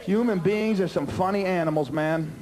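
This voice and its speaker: A male stand-up comedian on a club stage, shouting profane punchlines into a handheld mic over crowd laughter. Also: high-pitched, normal speed.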